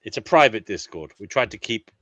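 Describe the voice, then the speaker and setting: A man's voice: on the low side, lively intonation, a little fast, sharp tone, no room sound. A man hosting a casual live discussion, talking bluntly with lots of restarts and teasing. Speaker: host. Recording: muffled lo-fi mic, dry.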